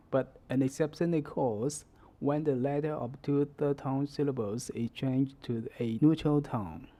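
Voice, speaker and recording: Slow, dark-voiced man teaching tones. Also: medium pitch. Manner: slow, careful delivery, modelling words for repetition. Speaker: Chinese language teacher. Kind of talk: slow instructional explanation.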